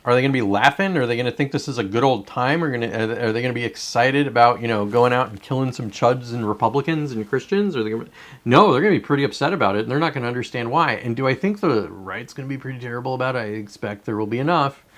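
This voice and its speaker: A man's voice: mid-range voice, lively intonation, quick pace, a bit bright. A man hosting a casual live stream, rambling and swearing as he reads chat comments aloud and reacts to them.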